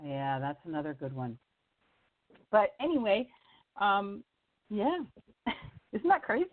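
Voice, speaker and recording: A woman, a singer-songwriter guest, telling a personal story in lively casual chat, leaping up in pitch for quoted voices and laughing often. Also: slow pace. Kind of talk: casual storytelling on a radio interview. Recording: tinny phone line, dry.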